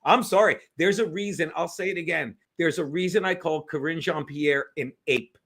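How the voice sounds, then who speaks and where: A man's voice: a little high, normal speed, a bit bright. A man co-hosting a podcast in casual political chat, profane, rambling and combative. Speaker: podcast co-host.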